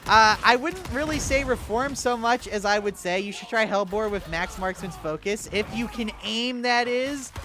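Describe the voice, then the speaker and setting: A man's voice: high-pitched, moderate pace, hardly any pauses. A man streaming a game, chatting casually with his viewers in a laid-back, profane, sarcastic way. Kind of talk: casual livestream chat while gaming.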